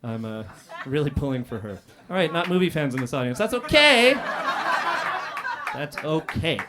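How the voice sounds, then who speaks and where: A man performing a stand-up roast set on a comedy club stage, dry and deadpan, with many "uh" pauses and sudden loud outbursts. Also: on the high side, heavy background noise.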